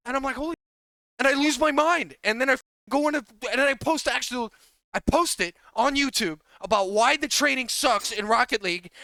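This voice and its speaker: A man's voice: sits high, sharp tone, no room sound. A man coaching players, ranting in an exasperated way, swearing and repeating himself. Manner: profane, exasperated, rapid repetitive ranting. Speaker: game coach. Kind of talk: coaching session rant.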